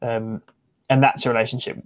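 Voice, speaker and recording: A man talking football in a loose, rambling way, full of fillers and restarts, his voice sitting at an ordinary middle pitch. He sounds like he is thinking aloud, circling back to finish his points. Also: little pitch movement, brisk. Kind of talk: casual football discussion.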